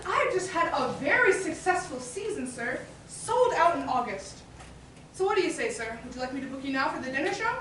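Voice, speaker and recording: A brash, hustling street performer in a stage play. She has a sly, wheedling sales patter in a high voice. The sound comes from a distance in a very echoey hall with faint background noise. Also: very animated, fairly quick, a bit bright. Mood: salesy.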